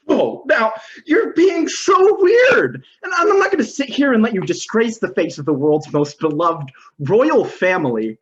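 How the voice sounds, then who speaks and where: A man's voice: sits high, very animated, moderate pace, hardly any pauses, highs cut off. A man playing an exasperated, straight-laced American guy who keeps protesting in disbelief. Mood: incredulous. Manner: incredulous, protesting.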